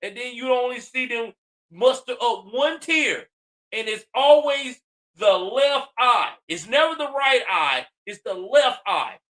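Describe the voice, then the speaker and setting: A man's voice: very high voice, animated, measured pace, fairly bright tone. A man in his forties giving heated, profane commentary on a news story, ranting angrily with a lot of emphasis. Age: 40s.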